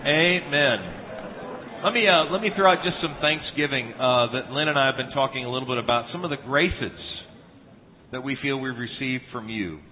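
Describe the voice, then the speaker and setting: With a mid-range voice at a moderate pace, this man delivers a sermon at a church conference, weaving in homespun anecdotes with humor and sincerity and restarting often. The sound is tinny, like a phone, echoing in a large hall, with slight background noise.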